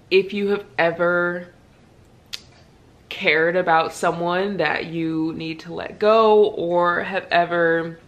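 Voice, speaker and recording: A woman in her thirties talks to camera in a relaxed, rambling book-vlog style. Her voice sits slightly low, and she fills her sentences with "like" and "literally" as she goes. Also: far from the mic, rough recording. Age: 30s. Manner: chatty, fillers of "like" and "literally". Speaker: book vlogger. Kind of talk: casual chat to camera.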